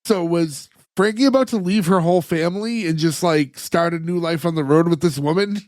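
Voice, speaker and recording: A man's voice: a little high, a little fast, darkish tone, no room sound, clean studio sound. A man co-hosting a podcast in casual chat, rambling with many filler words as he retells scenes. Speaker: podcast co-host. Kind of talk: casual chat recapping an episode.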